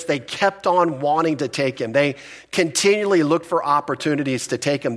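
A male pastor giving a sermon in a conversational, emphatic way. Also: a little high.

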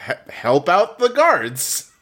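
A podcast co-host chatting casually, laughing and chiming in with quick agreement. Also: medium pitch, huge pitch swings, fairly bright tone. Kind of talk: casual chat.

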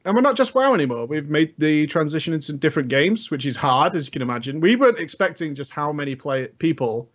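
A man chats as a podcast guest, joking and relaxed. His voice sits a little high, and he tells his stories with an easygoing, playful manner. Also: fast, few pauses, dull audio. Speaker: guest gamer. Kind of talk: casual chat.

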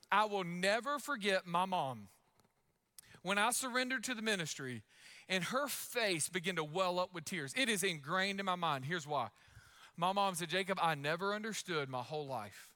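Loud, energetic high-voiced preacher man. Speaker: pastor. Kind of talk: sermon.

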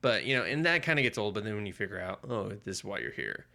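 On the low side and animated, the man speaks at a quick pace in a gravelly, pushed and bright voice. He co-hosts a podcast, chatting casually about comics and rambling through a plot with profanity and filler words.

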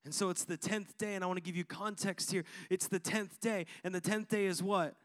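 A man's voice: high-pitched, steady tone, a little fast. A man preaching a sermon to his congregation, using repetition and call-and-response. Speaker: pastor.

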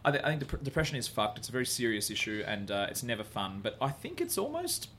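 A man's voice: mid-range voice, wildly swooping pitch, fast talker, a bit bright, a little hiss or hum. A man, a comedian, talking candidly as a podcast guest in a bar venue, rambling and self-deprecating with frequent restarts and the odd swear. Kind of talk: candid podcast interview chat.

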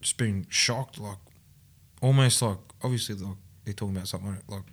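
A man's voice: lowish voice, fairly quick, husky. A man telling his own story in a casual interview, rambling with many fillers and restarts and frequent laughs. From Australia. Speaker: podcast guest.

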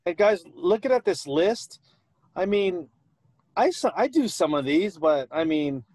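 A man's voice: high-pitched, expressive, a little slow, a little mellow, no room sound. A man chiming in on a podcast conversation in a playful, self-questioning way. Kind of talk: casual podcast chat.

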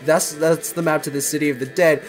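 A man's voice: on the high side, fairly even intonation, a little fast, soft background music, close to an everyday voice, low-quality recording. A man voicing a flustered male museum boss, rambling and dismissive, as he retells a film.

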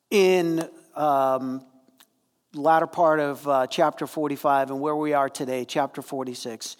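A man delivers a sermon in a relaxed, conversational way, slipping into animated bursts as he leans into a point. His voice sits a little higher than most men's, and it rings out with a long reverb from the hall he speaks in. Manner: animated, conversational preaching with fillers. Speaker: pastor.

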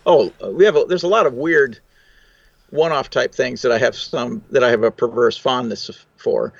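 A man's voice: mid-range voice, normal speed, creaky, no room sound, dull audio. A man, a recording engineer, answering interview questions in a thoughtful, technical way with fillers and restarts.

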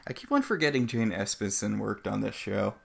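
A man's voice: lowish voice, animated, a little fast, creaky. A man co-hosting a podcast, recapping a TV episode in casual chat, with dry, wry commentary. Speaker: podcast co-host.

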